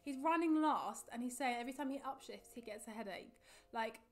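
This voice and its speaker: A young woman talks through a race in a rapid, gushing stream. Her voice sits a little high. She is chatty and excitable, reviewing the event for her vlog audience. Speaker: motorsport vlogger. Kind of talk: casual race review monologue.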